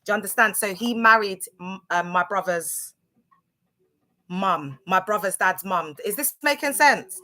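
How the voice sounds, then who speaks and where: Bright-voiced chatty woman. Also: mid-range voice, animated, a little slow. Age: 30s. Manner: chatty and rambling, full of fillers, talks straight to viewers. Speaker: livestream host. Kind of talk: casual livestream chat. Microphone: phone camera on a social media livestream.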